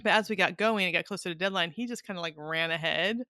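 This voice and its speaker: A woman's voice: fairly low pitch, quick pace, sharp tone, dry recording, studio quality. A middle-aged woman hosting a casual book chat, talkative and laughing often. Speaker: podcast host and author.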